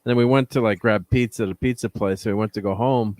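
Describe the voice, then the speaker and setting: A man shares stories in a casual chat, chatty and often chuckling as he goes. His voice sits on the low side. The recording is dry, with no room echo. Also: steady tone, fast, a little mellow.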